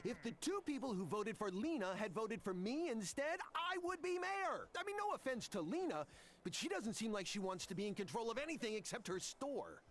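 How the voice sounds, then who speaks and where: A man's voice: high-pitched, a little fast. An actor playing a self-doubting young male rancher who grew up in the city, in voiced game dialogue. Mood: indignant. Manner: self-doubting, then excitable.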